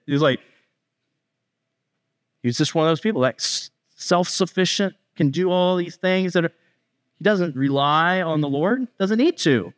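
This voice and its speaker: A male pastor with a slightly high, expressive voice gives a conversational sermon. He addresses the congregation directly, kids included, and acts out snippets of dialogue in quick asides.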